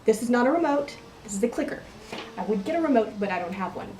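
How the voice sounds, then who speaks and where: Talking fast and expressively in a slightly high, warm voice, a young vlogger from Texas chats her way through an accent tag video with a Texan accent, rambling and self-deprecating. The mic is distant, the room echoes, and there's a little hiss or hum.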